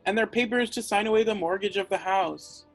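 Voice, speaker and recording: A woman's voice: mid-range voice, brisk, low-quality recording. A young woman, tipsy, recaps a play's plot in a chatty, matter-of-fact way. Faint music plays behind her. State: drunk. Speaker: drunk narrator. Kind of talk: tipsy comic retelling of a play.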